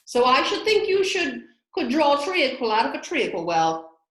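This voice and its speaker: A woman's voice: high voice, sing-song, normal speed. A woman voicing a rude, boastful Hatter who snaps and mocks in a storybook reading. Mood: rude, bossy. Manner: loud, snappish, mocking. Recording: roomy echo.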